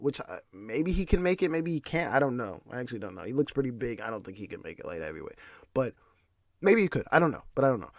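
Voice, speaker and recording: A man's voice: mid-range voice, sing-song, fast, no room sound, studio quality. A man hosting a podcast, ranting in casual solo commentary with restarts and repeated words. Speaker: podcast host.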